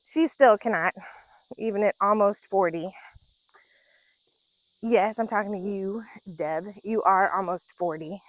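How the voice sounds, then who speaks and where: A woman in her forties chats slowly through funny childhood stories, laughing often between lines. Her voice sits in a middle pitch and sounds close and dry. She has an easygoing, storytelling manner. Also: no room sound, poor audio. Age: 40s. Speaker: vlogger. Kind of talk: casual storytelling. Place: outdoors on a nature walk.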